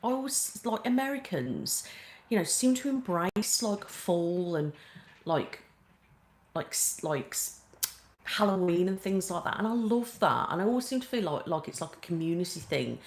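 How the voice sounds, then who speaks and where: A woman's voice: fairly low pitch, lively intonation, moderate pace. A woman with a British accent, an ASMR streamer chatting casually and ramblingly with live viewers, full of "like" and "um". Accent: British English. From Britain. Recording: roomy echo.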